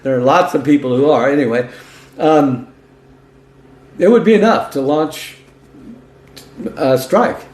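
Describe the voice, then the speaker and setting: Speaking a little slowly with frequent pauses, a man with a slightly high, somewhat mellow voice gives a political monologue. He reads news items aloud and interjects folksy, emphatic asides such as "okay?" and "listen to this," all captured with a roomy echo.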